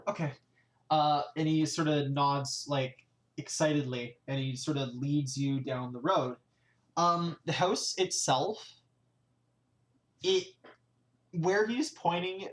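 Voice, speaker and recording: A man narrating a live-streamed tabletop game as game master, in a loose style full of fillers and restarts. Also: on the high side.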